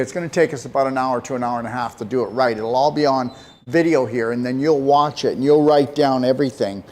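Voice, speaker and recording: A man's voice: medium pitch, a little mellow. Emphatic man coaching a caller. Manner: emphatic, direct, coaching with pointed questions. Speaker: natural health coach giving advice to a caller. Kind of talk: call-in advice talk.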